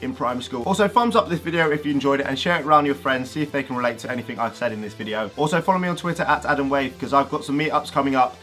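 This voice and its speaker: A young man, doing an energetic, jokey vlog monologue and swearing freely. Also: mid-range voice, very fast, hardly any pauses, faint music behind. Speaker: YouTuber.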